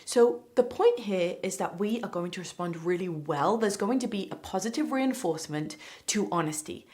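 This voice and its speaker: A woman giving a calm, explanatory parenting lesson to camera, now and then acting out what a parent or child might say. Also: mid-range voice, normal speed. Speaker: parenting educator. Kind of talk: instructional talk to camera.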